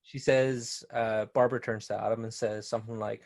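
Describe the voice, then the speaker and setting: A man's voice: fairly low pitch, little pitch movement, a little fast, vocal fry, darkish tone. A Northern Irish man co-hosting a casual horror film chat, laughing often as he recounts scenes. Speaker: podcast co-host.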